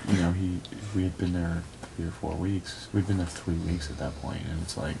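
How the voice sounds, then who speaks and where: A deep, gravelly-voiced man rambles through stories late at night, swearing freely and restarting sentences as he goes. He talks in a shared bedroom over a clip-on mic, with heavy hiss covering the live-feed audio. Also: flat delivery, normal speed. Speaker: reality show houseguest. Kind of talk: late-night casual storytelling.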